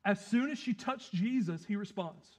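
Animated pastor, high voice. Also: male voice. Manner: animated, swings between loud emphasis and quiet asides; plays out the scene with quick acted quotes. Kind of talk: sermon.

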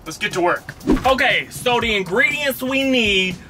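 A man's voice: very high voice, expressive, moderate pace, music in the background. A man hosting a casual cooking vlog from inside his van, talking in a jokey, rambling, self-mocking way. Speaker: vlog host. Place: inside a van in a parking lot.

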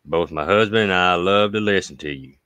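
A low-voiced man with an Appalachian accent and a smooth, resonant sound reads viewer letters on a casual livestream. His tone is bright and forceful, and his manner is folksy, with thanks drawn out at length. The recording is close and dry. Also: a little fast, no room sound, muffled recording. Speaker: host reading viewer mail.

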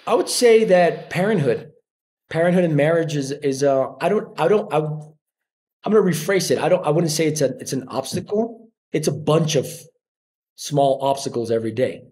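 A man in his forties speaks English with a Colombian Spanish accent, his voice sitting a little higher than most men's. He tells stories in a relaxed interview, often slipping into quoted voices of other people. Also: normal speed. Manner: animated storyteller acting out quoted voices. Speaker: podcast guest, actor. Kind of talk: casual interview chat.

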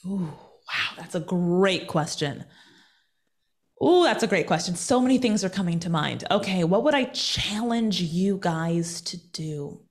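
A woman being interviewed over a call as a TV personality and speaker, talking in an energetic, emphatic motivational way and repeating points for effect. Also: on the low side, unhurried.

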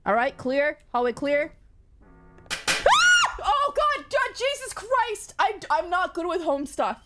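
A woman's voice: high-pitched, big pitch swings, a little slow, a bit bright, slight background noise. A woman streamer giving live gaming commentary, jumpy, yelping and repeating herself when scared.

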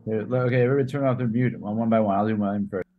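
A man's voice: lowish voice, rapid-fire, narrow, tinny audio, faint music behind. A man playing in a tabletop game over a call, joking and talking expressively. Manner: jokey, expressive. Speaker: player. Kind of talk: casual tabletop chat.

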